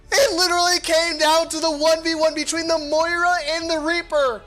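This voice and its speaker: A man casting a live esports match alone, excitable and laughing often, his voice worn hoarse from shouting. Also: very high-pitched, normal speed, hardly any pauses, soft background music. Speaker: solo esports caster. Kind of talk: live esports play-by-play commentary.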